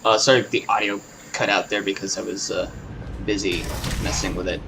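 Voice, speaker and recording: A low-voiced man chats casually while he plays, rambling and stopping to hunt for words. His voice sits back from the microphone, with a clear layer of noise around it. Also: steady tone, brisk. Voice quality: rambling, hesitant, many fillers. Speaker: gamer playing a video game. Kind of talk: casual gameplay commentary. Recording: distant mic with noise.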